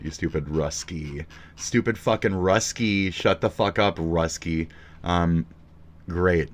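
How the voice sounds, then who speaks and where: Young male streamer, very low voice, crude and taunting, reacts to chat live. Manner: profane, mocking, loud taunting outbursts.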